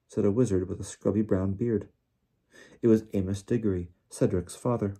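A man narrating an audiobook in a measured, deliberate reading. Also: lowish voice, fairly even intonation, dark tone, slightly rough. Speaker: audiobook reader.

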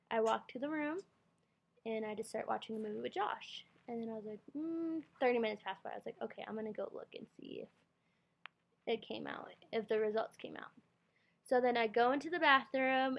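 Speaking into her computer's built-in webcam mic, a young adult woman rambles through a storytime vlog packed with fillers and quoted self-talk. Her voice is slightly high with vocal fry, and the highs sound cut off.

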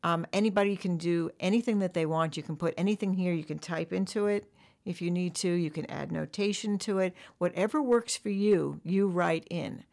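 A woman drum teacher walking through a software tutorial, explaining step by step. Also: lowish voice, moderate pace, vocal fry. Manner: explanatory, counts bars aloud along with the music.

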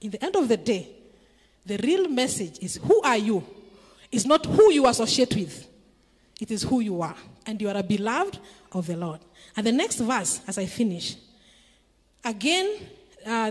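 A woman's voice: a little high, big pitch swings, moderate pace, long pauses, husky, long reverb tail. A middle-aged woman from Kenya preaching a sermon in a church, emphatic and asking the congregation questions. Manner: emphatic, call-and-response questions.

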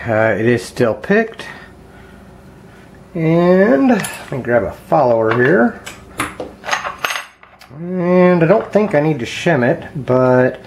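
A man casually talking viewers through picking a lock at his home workbench, thinking aloud with frequent ums and quiet mutters. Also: fairly high pitch, big pitch swings, takes it slowly, pauses often, slight background noise. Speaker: lockpicking hobbyist. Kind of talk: casual hands-on demonstration vlog.

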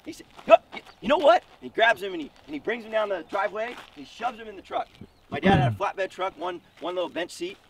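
A man's voice: sits high, quick pace, creaky. A man coaching at a wrestling camp, telling a motivational story with energy and lots of punchy repetition. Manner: energetic, repeats words for punch. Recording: distant mic with faint background noise.

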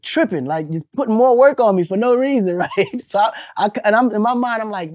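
A man in his forties, an interview guest telling animated stories, laughing and swearing casually. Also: high-pitched, a little fast.

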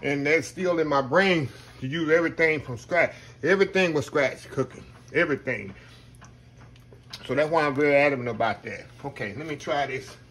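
A man's voice: on the high side, moderate pace, fairly bright tone, slight background noise. A man, chatting casually as he cooks at home and calls his viewers "y'all". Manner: folksy, talks to viewers as y'all. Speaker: home cook. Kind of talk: casual cooking video chat.

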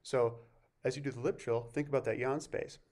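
A man teaching a vocal masterclass, explaining warm-ups and breathing in a relaxed way and breaking off to sing short examples. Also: mid-range voice, fairly quick. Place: music camp masterclass recording.

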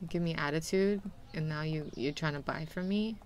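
A woman's voice: sits low, moderate pace, slight background noise. A young woman streaming a game, chatting animatedly with her viewers and laughing often. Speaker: VTuber streamer. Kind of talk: casual gameplay commentary.

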